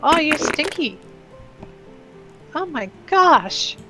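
Female co-player, high voice, unhurried, playful and exclaiming. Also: big pitch swings, loud music behind the voice, rough recording. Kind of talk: casual gameplay chat.

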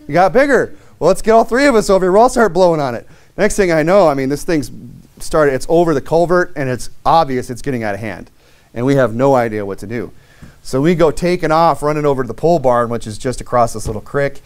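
Talking fast in a fairly high, clear, resonant voice, this preacher delivers his sermon through an extended personal anecdote. He keeps it loose and conversational, with frequent fillers, false starts, and dry jokes at his own expense.

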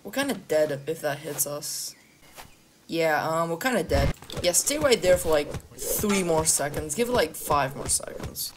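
A woman's voice: low-pitched, animated, a little slow. A woman chatting casually in a game's voice chat, joking and trolling other players and swearing often. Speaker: gamer. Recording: game sounds and noise behind.

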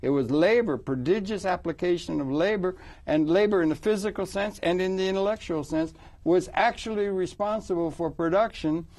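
A man hosting a conversational interview, explaining in a measured way and murmuring agreement often. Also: high voice, darkish tone. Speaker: host.

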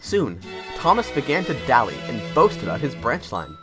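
A man narrating a storybook tale in a measured, lively storytelling manner. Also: mid-range voice. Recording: music playing behind.

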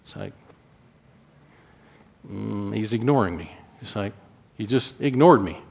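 A man's voice: lowish voice, lively intonation, unhurried, creaky, darkish tone, husky. A middle-aged man preaching a sermon as pastor, telling a family story and acting out his own stern words to his child.

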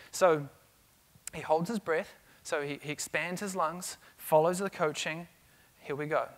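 A middle-aged man delivers a keynote to a conference crowd. His voice sits slightly high for a man, and he tells stories with energy, often doubling back on his words. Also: a little slow. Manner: energetic storytelling with frequent restarts. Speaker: conference speaker. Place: conference stage.

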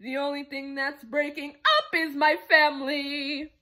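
Woman for a show-tune cover: very high, bright, theatrical, slides between talk and song. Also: little pitch movement, measured pace. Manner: dramatic and comic, swinging between speech and song. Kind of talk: theatrical song performance, half sung, half spoken.

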